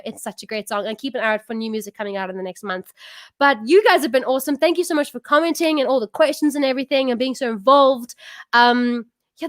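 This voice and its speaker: South African woman, online music show host, bubbly, effusive, high voice, dry close sound, video call. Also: no echo. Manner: bubbly and effusive, laughs often.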